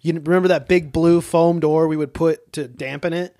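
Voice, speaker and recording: A man's voice: a little high, fairly quick. A young man co-hosting a podcast, telling vivid stories and swearing casually. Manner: animated storyteller, swears. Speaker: podcast co-host. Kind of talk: casual chat.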